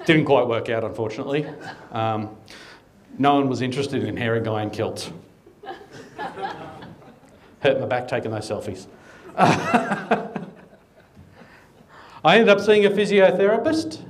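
A man's voice: mid-range voice, a little hiss or hum. A middle-aged Australian man doing stand-up comedy, telling dry, conversational anecdotes with comic timing. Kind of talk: stand-up storytelling.

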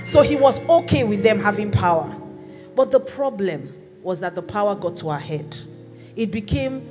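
A woman's voice: medium pitch, expressive, normal speed, mellow. A woman pastor preaching a sermon in a conversational, playful teaching manner. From Nigeria. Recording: long hall reverb with faint music.

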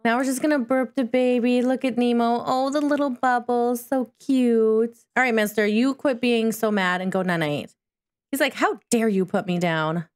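Woman, gaming creator, slightly high voice, chatty play-by-play that coos at the on-screen babies. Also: steady tone, moderate pace. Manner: chatty, coos and talks to her game characters. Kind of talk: casual let's-play commentary.

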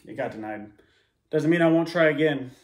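A man's voice: on the high side, brisk, echoey room. A man hosting a reaction video, talking casually in a rambling, sarcastic way with plenty of swearing.

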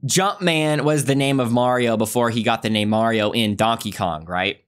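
Male podcast host, mid pitch, long-winded explainer for a film review. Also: normal speed, smooth. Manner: talkative, explains background at length. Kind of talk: casual review chat.

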